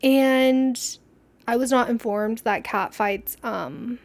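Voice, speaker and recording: Young woman, podcast host, casual rambling stories, laughs often, slightly high voice. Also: slow, dry recording. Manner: chatty, rambling, laughs often, acts out quotes. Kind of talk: casual storytelling chat.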